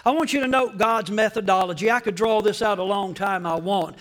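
A man preaching a sermon to a church congregation, swinging between hushed whispers and loud, dramatic shouting. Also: high-pitched, a little fast. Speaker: pastor.

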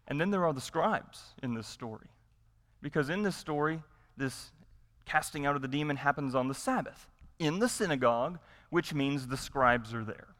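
A man's voice: on the high side, expressive, normal speed, fairly bright tone. Emphatic male preacher in a reverberant hall. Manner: emphatic preaching with repetition and rhetorical questions. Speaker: pastor. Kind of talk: sermon.

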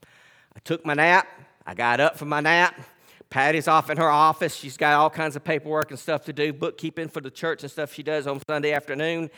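A male pastor preaching a sermon. He swings between loud, emphatic scripture reading and quiet, conversational storytelling. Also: fairly high pitch, steady tone, a little fast, long reverb tail. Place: church sanctuary.

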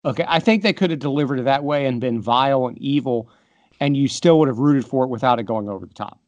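A man's voice: mid-range voice, fast talker, darkish tone, no room sound, dull audio. A man co-hosting a podcast, giving emphatic, opinionated takes in a casual movie review chat. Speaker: podcast co-host.

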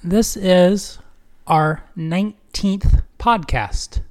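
A man co-hosting a casual faith podcast, upbeat and quick to laugh, often repeating words as he talks. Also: high-pitched, darkish tone. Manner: upbeat, stumbling, laughs easily. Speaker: podcast co-host.

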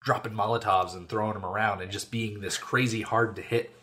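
A man's voice: fairly low pitch, a little fast. A man in casual podcast chat, talking eagerly and explaining details. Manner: lively, explains game details.

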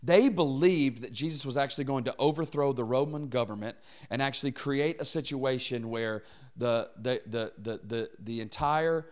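Animated storytelling pastor, man. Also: medium pitch, moderate pace. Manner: animated storyteller, acts out quotes in funny voices. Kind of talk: sermon with a comic personal story. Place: church auditorium.

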